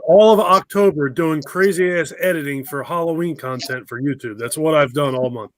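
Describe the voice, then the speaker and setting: A man's voice: on the high side, moderate pace, dry recording. A man chatting as a guest on an online call, candid and blunt, swearing casually. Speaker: guest, video creator. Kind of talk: casual chat.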